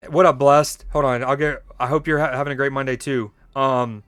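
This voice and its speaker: A man's voice: medium pitch, fairly even intonation, fairly quick, fairly bright tone, smooth, no echo. A young man streaming a mobile game, chatting casually and joking with his viewers as he plays. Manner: playful, jokey, reads chat aloud. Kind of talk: casual gaming stream chat.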